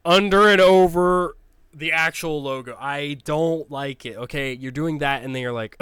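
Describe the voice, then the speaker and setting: Blunt ranting man, smooth dry voice. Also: mid-range voice, unhurried, fairly bright tone, dry recording. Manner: blunt, ranting, swears, frequent restarts. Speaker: sports logo ranker. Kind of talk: casual opinionated commentary.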